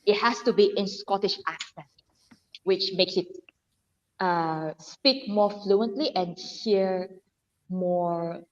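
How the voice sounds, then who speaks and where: A woman's voice: medium pitch, slow. Malaysian Chinese woman with echoey call audio. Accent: Malaysian Chinese English. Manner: hesitant, repeats words, laughs often. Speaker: guest. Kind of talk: casual video-call chat. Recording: dull lo-fi audio with long reverb.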